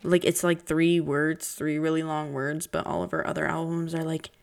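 A young woman talks through her own podcast in loose, casual chat, with a slightly low voice. She is chatty and dramatic, jumping between pitches and dropping into whispers. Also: moderate pace, darkish tone. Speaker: podcast host.

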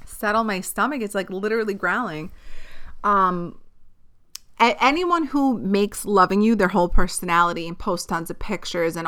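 A young woman hosting her own podcast, venting bluntly and profanely in a casual, animated way. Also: mid-range voice, moderate pace, clear, resonant tone. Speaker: podcast host. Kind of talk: casual solo podcast rant.

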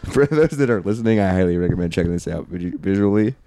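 A man's voice: low-pitched, expressive, fast, warm tone, slight background noise. A man co-hosting a casual podcast, joking around with a wry, teasing manner. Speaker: podcast co-host.

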